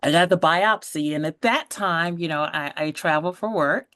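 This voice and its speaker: A woman in her forties, a guest on a podcast, recounts her own story with lots of energy, laughing frequently and impersonating the people she quotes. Her voice sits on the low side and moves at a moderate pace, captured in studio quality with no echo.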